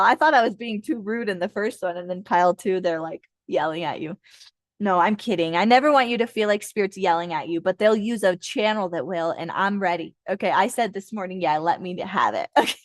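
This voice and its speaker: Jokes, laughter and frequent swearing fill this thirtysomething woman's casual, chatty tarot reading for viewers. Her mid-range voice moves briskly, and the recording is dry.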